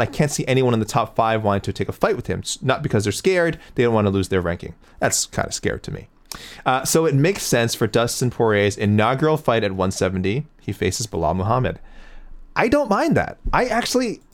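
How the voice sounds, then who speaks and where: A man with a slightly low voice hosts a fight talk show and reads through viewer picks. He rambles, corrects himself as he goes and chuckles along the way. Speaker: MMA show host reading viewer picks. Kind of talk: casual chat.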